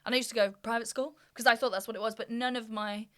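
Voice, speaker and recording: Bright-voiced woman from North Wales telling stories. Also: a little high, racing. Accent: light Welsh-English, mostly English-sounding. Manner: animated anecdotes, many fillers and restarts. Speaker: podcast guest, comedian. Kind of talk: casual chat, storytelling.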